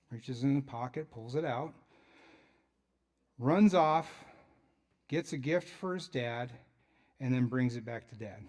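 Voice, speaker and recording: A man's voice: medium pitch, darkish tone. Casual-talking man preaching a sermon. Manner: conversational, with joking asides. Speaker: pastor. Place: church.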